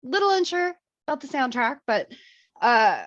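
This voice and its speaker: A woman co-hosting a casual movie review chat, animated and laughing, swearing freely. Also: high-pitched, normal speed, no room sound, lo-fi sound.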